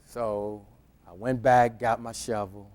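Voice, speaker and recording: A man's voice: mid-range voice, flat delivery, slow pace, darkish tone. A middle-aged male pastor preaching by telling a humorous personal story in a conversational way, often stammering and restarting his words.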